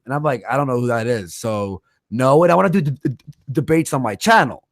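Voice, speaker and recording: A man's voice: medium pitch, dry recording, clean studio sound. A man hosting a livestream, chatting casually, ranting with lots of swearing and reading out viewer messages. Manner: animated, profane, quick to rant. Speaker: livestream host.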